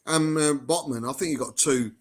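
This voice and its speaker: A man's voice: fairly high pitch, moderate pace. A man on a podcast panel talking football in a friendly, casual way. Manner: friendly, calls others "mate".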